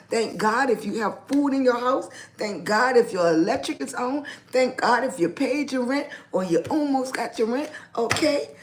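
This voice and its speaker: A woman hosting a casual livestream, greeting viewers by name and speaking upbeat, affirming words of encouragement. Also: fairly high pitch. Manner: motivational, speaks positive affirmations. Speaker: lifestyle blogger hosting a livestream. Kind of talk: casual live-stream chat.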